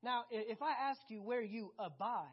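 A woman preaching a sermon, animated and conversational, often asking the congregation questions. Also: a little high, moderate pace, breathy edge, muffled recording.

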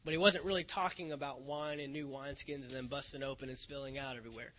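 A male pastor preaches a sermon earnestly and emphatically, frequently repeating phrases for weight. His medium-pitched voice holds a steady tone at a quick pace. The recording is dull and lo-fi.

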